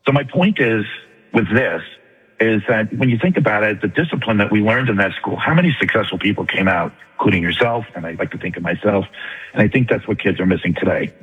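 An older retired man with a New York accent, calling in to a radio talk show and making his points fast and earnestly. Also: lowish voice, lively intonation, husky. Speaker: caller. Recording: tinny phone line, long reverb.

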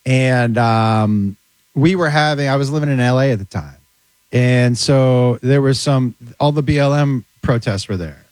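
A man's voice: mid-range voice, unhurried, a little mellow, smooth, no echo. A man telling comic stories in casual chat, acting out the voices of people he quotes. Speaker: comedian guest.

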